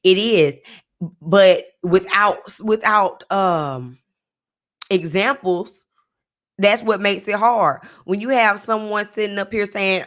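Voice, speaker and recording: A woman's voice: medium pitch, slow. A woman casually recapping a reality TV episode in a sassy, chatty way, full of slang asides. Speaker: TV recap reviewer.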